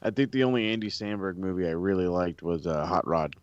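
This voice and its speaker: A man's voice: sits low, animated, fairly quick, dry recording, lo-fi sound. A man co-hosting a casual podcast, blunt and swearing freely. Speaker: podcast co-host.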